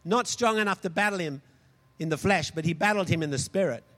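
High-voiced preacher in a reverberant hall. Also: male voice, a little fast, fairly bright tone. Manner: emphatic, calls out for audience responses. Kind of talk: sermon.

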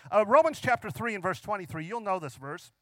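A man preaching a sermon, emphatic, drawing out key phrases slowly and asking the congregation frequent questions. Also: sits high, animated, dry recording.

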